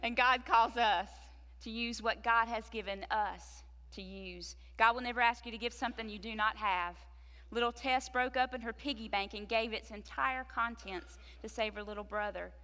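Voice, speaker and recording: A woman's voice: a little high, pushed and bright. Woman preaching in a ringing hall. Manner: storytelling, slows for emphasis. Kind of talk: sermon with a told story.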